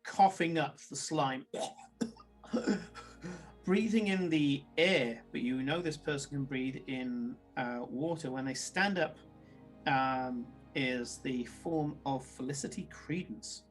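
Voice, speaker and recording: A man narrating a tabletop game, halting with many ums and uhs. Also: mid-range voice, soft background music.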